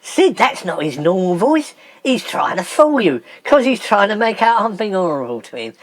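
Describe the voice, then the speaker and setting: A woman's voice: medium pitch, very animated, normal speed. A woman voicing a blunt, cheeky Cockney woman in a comedy sketch. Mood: indignant.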